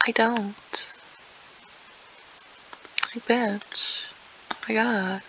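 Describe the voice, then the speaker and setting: A woman's voice: on the high side, slow pace, pauses often, pushed and bright, dull audio, a little hiss or hum. A young woman commentating her game play casually, rambling and sarcastic, often trailing off into near-whispers. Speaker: gaming YouTuber.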